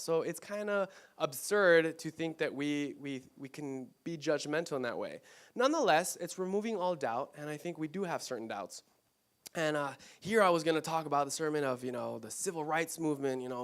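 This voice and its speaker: A man from Mexico giving an informal, conversational church talk, full of rhetorical questions and self-corrections. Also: fairly high pitch. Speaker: church speaker. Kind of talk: conversational sermon.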